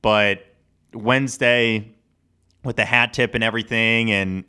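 A man co-hosting a podcast in casual, rambling sports chat, animated and laughing often. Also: fairly low pitch, measured pace, smooth. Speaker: podcast co-host.

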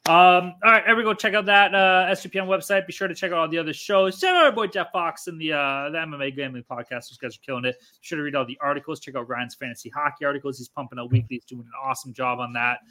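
Brash podcast co-host, fast and bright-voiced, excitable. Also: male voice, a little high. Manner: brash, excitable, swears freely. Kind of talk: casual sports betting podcast chat.

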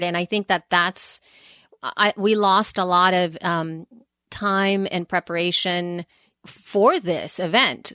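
A woman's voice: lowish voice, fairly bright tone, dry recording, clean studio sound. A woman co-hosting a podcast in casual chat, talking in a rambling way with many restarts and easy laughter. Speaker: podcast co-host.

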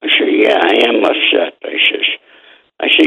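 Older new guy, gravelly voice, tells it straight and swears a lot, sounds like he's on a phone line. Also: on the high side, very animated, normal speed, bright, forceful tone. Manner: streetwise, blunt, swears freely. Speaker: guest, former mob associate and author. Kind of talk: storytelling interview.

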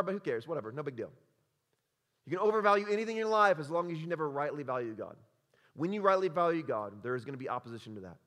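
A man's voice: sits high, a bit bright. A male pastor preaching a sermon, emphatic and conversational, quizzing the congregation with repeated questions. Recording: long hall reverb.

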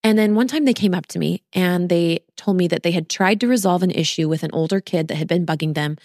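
A woman's voice: fairly low pitch, quick pace, a little mellow, dry recording, clean studio sound. A woman in her thirties hosting a podcast, talking earnestly and directly to her listeners as a postpartum coach. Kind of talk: casual solo podcast talk.

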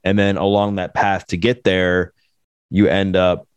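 A man's voice: low voice, little pitch movement, unhurried, clear, resonant tone, no echo. A man hosting an interview, steadily recapping his guest's story. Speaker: podcast host.

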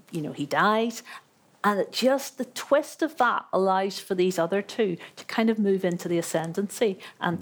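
A woman at a mid pitch talks about her writing in a book club conversation. She reflects aloud in a chatty way, doubling back on words and filling pauses with ums. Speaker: author being interviewed. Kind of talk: literary conversation before an audience.

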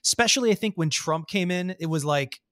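A man's voice: high voice, lively intonation, brisk, a bit bright, no echo, studio quality. A man co-hosting a podcast who chimes in with short agreements and comments. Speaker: podcast co-host. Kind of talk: conversational podcast interview.

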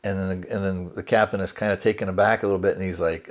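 A man with a fairly low voice recaps a movie for his podcast in a loose, relaxed way. He strings the scenes together with fillers and slips the characters' lines into his own everyday voice. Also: fast. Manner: relaxed, hedging with fillers like kinda and you know. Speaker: podcast host reviewing a film. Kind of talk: casual spoken movie recap.

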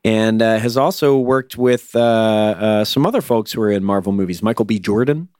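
A man's voice: on the low side, normal speed, darkish tone, clear, resonant tone, no room sound, clean studio sound. A man co-hosting a casual podcast chat, playful and full of restarts. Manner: chatty, hesitant restarts, playful. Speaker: podcast co-host. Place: podcast studio. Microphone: studio microphone.

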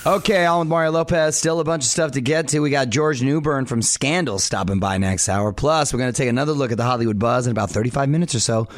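A man in his forties hosting a radio show with brisk, chatty patter on a studio mic. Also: medium pitch, dry recording. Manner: brisk, chatty, quick to laugh.

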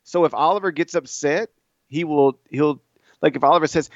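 Male podcast co-host, 30s, slightly high voice, animated and quick to laugh, dull lo-fi mic. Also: no room sound. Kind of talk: casual sports chat. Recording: dull, lo-fi sound.

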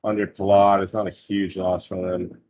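A man's voice: low-pitched, little pitch movement, moderate pace, a little mellow, dull audio. A man in casual sports betting chat, rambling loosely and swearing now and then. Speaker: sports betting podcast co-host.

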